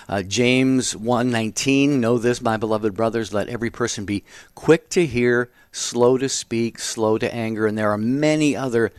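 A man co-hosting a Catholic talk radio show, speaking earnestly and reflectively, often pausing with fillers and restarting his sentences. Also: medium pitch, dry recording, clean studio sound. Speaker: radio co-host.

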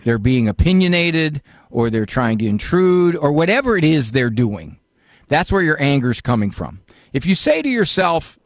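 A man's voice: a little high, very animated, unhurried, no room sound, studio quality. An older man hosting a call-in advice show, folksy and fatherly, often acting out what other people say. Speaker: radio call-in host, psychologist.

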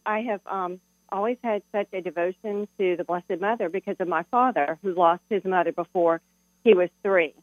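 A woman's voice: fairly low pitch, normal speed, no room sound. A middle-aged woman calling in to a radio show, telling a heartfelt personal story. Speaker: caller. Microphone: telephone. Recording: tinny phone line with hum.

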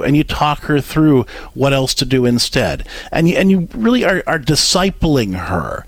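A man's voice: mid-range voice, sing-song, normal speed, few pauses, dry recording. A man co-hosting an advice talk show, counseling a caller on parenting and acting out what parents and kids say. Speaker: radio show co-host, counselor.

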